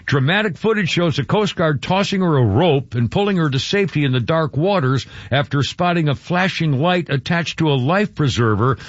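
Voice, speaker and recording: A radio talk host, a man, chats along in a loose, rambling way, tripping over words and circling back. His voice sits a little high. The sound is dry and a bit muffled, like a studio mic on air. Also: no echo. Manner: rambling, stumbling over words, chuckling asides. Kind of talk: casual rambling chat.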